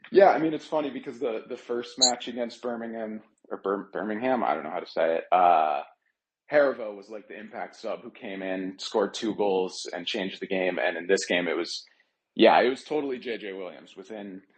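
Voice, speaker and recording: Deep-voiced man calling in to a podcast. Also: animated, moderate pace, low-quality recording. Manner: earnest, a bit rambling, many fillers. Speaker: caller, regular contributor. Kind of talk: casual call-in chat.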